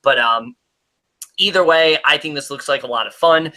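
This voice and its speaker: A man's voice: on the high side, normal speed, pushed and bright. A young man hosting a casual movie chat, joking and laughing often in a loose, rambling way. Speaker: podcast host.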